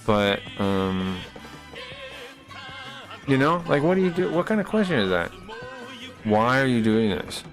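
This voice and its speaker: A male streamer talks at a middle pitch, riffing to his chat in loose, swearing rants that cut off and start over. Faint music plays under his voice throughout. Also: sing-song, a little slow, long pauses. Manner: rambling, profane, self-interrupting rants. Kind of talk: casual live-stream chat.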